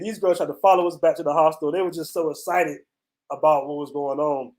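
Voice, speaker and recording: Out on a city street at night, an American travel channel host with a highish, darkish voice rattles off a story at a fast clip in a steady tone. He keeps it slangy and relaxed, peppering his talk with "man" and "bro."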